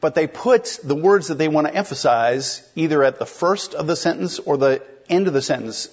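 A man's voice: fairly high pitch, lively intonation, moderate pace, breathy edge, highs cut off. A man preaching an expository sermon in a conversational way, explaining a text and putting questions to the congregation. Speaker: pastor.

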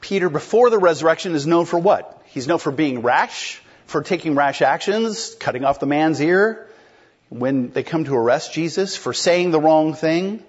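Man, pastor, sermon, husky voice, medium pitch, muffled lo-fi recording. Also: animated, normal speed. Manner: conversational, explains and asks the congregation questions. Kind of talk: expository sermon.

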